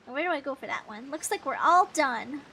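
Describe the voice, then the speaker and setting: A young woman casually commentating her gameplay, excitable and rambling, with frequent giggles and sudden yelps. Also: sits high, a little fast, a little hiss or hum. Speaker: gaming channel host. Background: game music.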